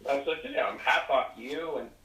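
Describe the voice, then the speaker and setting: A man's voice: mid-range voice, moderate pace, fairly bright tone. Effusive male caller on a roomy line. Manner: effusive, rambling, many fillers. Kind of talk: phone-in call. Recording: roomy, distant phone call.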